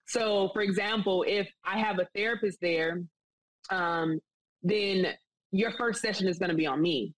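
A woman's voice: medium pitch, measured pace, no echo, rough recording. Eager, earnest woman guest, dry sound. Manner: enthusiastic, earnest, rambling. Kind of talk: casual interview talk.

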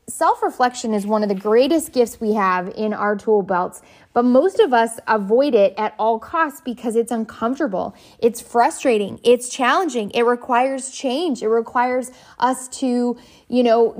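A woman, likely a parent, giving an earnest, reflective motivational talk, often pausing to search for words. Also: a little high. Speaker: parenting speaker.

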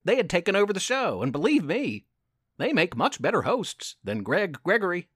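A man tells a story and reads poems with a high, lively voice that rises and falls a lot. He takes his time over each line, gentle and encouraging. The sound is close and dry. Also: normal speed, slightly rough, dry recording. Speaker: podcast host and storyteller. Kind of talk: scripted storytelling narration.

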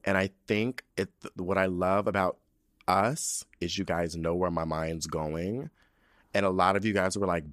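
A man's voice: low-pitched, brisk, fairly bright tone, dry recording, studio quality. A man hosting a podcast, riffing in a casual, profane, gossipy comic monologue with big swings in his voice. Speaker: podcast host.

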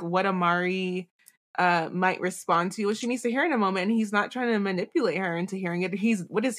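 A woman's voice: fairly low pitch, fairly bright tone. Rambling woman podcast co-host. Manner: rambling, many fillers and restarts. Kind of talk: casual book discussion.

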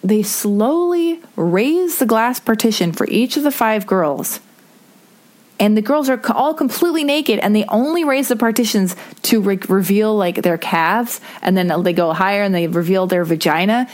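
A woman's voice: medium pitch, lively intonation, moderate pace, a little mellow. A young woman telling a chatty, self-mocking travel story from a hotel room, acting out the people she quotes. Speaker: vlogger. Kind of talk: casual storytelling to camera.

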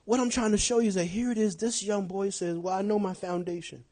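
A middle-aged male pastor preaching a sermon, telling stories with big swings from shouting to hushed confession. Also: sits high, steady tone, a little fast, no echo.

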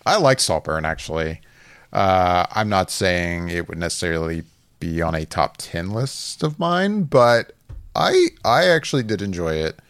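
A man with a very low voice chats casually as a podcast co-host. He talks in halting bursts, piling up fillers and restarting his sentences. His voice sounds dry and close, with no room around it. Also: big pitch swings, fairly bright tone, clear, resonant tone, dry recording. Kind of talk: casual chat.

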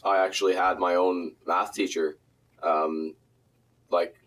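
A man's voice: low-pitched, little pitch movement, unhurried, a bit bright, low-quality recording. A young man, a student, answering interview questions hesitantly with many ums.

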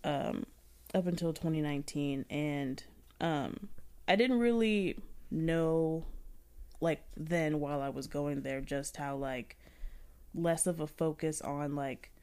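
A young woman with a fairly low voice talks through a story in relaxed podcast chat. She rambles, leans on "like" constantly and breaks into laughter often. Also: takes it slowly, clear, resonant tone. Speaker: podcast co-host. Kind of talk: casual chat.

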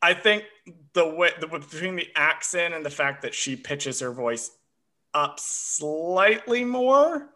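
A man's voice: on the high side, animated, slow pace, sharp tone. A man co-hosting a casual show, chatting about an episode with plenty of fillers. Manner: chatty, self-described history nerd, frequent uh fillers. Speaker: podcast co-host. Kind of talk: casual chat.

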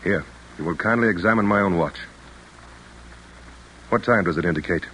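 An actor playing a stern, devout general who gives clipped commands in a radio play. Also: male voice, low voice, normal speed, a bit bright, slight background noise, poor audio. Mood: stern commanding. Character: stern devout male general, terse and exacting. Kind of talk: 1940s radio acting.

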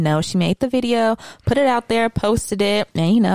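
Smooth-voiced woman telling stories casually. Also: medium pitch, brisk, hardly any pauses, no echo. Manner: animated storytelling, mock-sings and acts out quotes. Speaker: podcast co-host. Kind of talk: casual chat.

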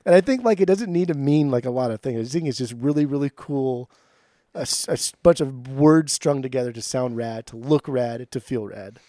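A man's voice: mid-range voice, fairly quick, mellow, no room sound, studio quality. A man co-hosting a casual music podcast, sarcastic and profane, slipping into goofy voices. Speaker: podcast co-host.

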